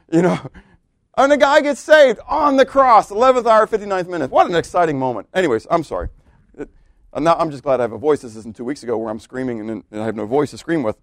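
A man preaching a sermon as pastor, swinging between loud exclamations and quiet asides. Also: a little high, animated, fast talker, dry recording, clean studio sound.

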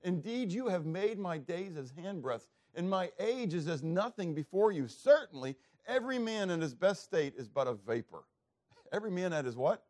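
A man's voice: high-pitched, sing-song, moderate pace. Emphatic preacher man asking the congregation. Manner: call-and-response questions, emphatic swings in loudness. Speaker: pastor. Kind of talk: sermon.

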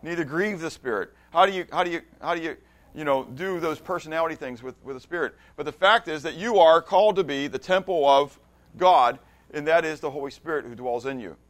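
Man, Bible study teacher, slightly higher voice, conversational, repeats words, checks understanding. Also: a little fast, fairly bright tone. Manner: restarts and repeats words mid-sentence; reads scripture aloud with emphasis. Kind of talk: interactive Bible class teaching.

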